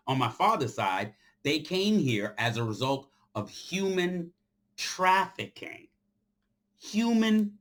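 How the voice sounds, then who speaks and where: This commentator, a man with a fairly high-pitched voice, speaks to his followers in an unscripted, passionate, sermon-like rant. He drives points home by repeating phrases, alternating between loud bursts and hushed passages.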